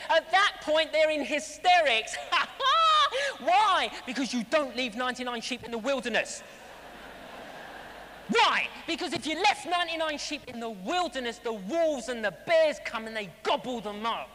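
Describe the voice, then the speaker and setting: An extremely high-pitched man's voice, with a little hiss or hum, preaches a sermon at a live celebration. His animated storytelling is full of jokes and acted-out voices, and the big hall gives it a long reverb.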